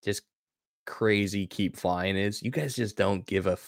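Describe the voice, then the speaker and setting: Low-voiced podcast host on a dry, close mic. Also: male voice, measured pace, vocal fry, dry recording. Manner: relaxed and enthusiastic, loose filler words. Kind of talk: casual podcast chat.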